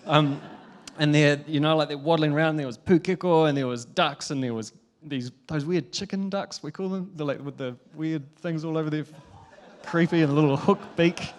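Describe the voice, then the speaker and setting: A young New man preaching a sermon, telling a family story in a lively, chatty way with frequent laughs. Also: on the high side, normal speed. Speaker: pastor.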